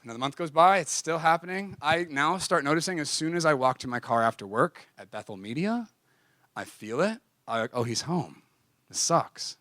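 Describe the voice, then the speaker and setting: A young adult man preaching, telling a personal story in an animated, confessional way and acting out dialogue. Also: a little high, fairly quick, no echo, clean studio sound. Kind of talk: storytelling sermon.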